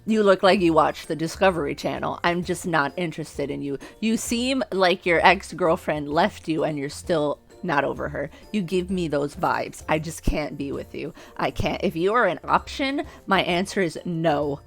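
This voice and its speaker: A young woman streamer reads a dating game aloud and keeps breaking in with brash, profane outbursts. Her voice sits fairly low, with faint game music underneath. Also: moderate pace, creaky, few pauses.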